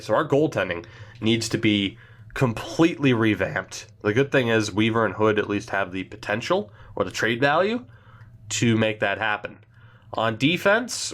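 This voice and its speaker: A man's voice: lowish voice, fairly bright tone. A young man giving casual, blunt and sarcastic commentary while thinking aloud through a hockey management game. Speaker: gaming channel host.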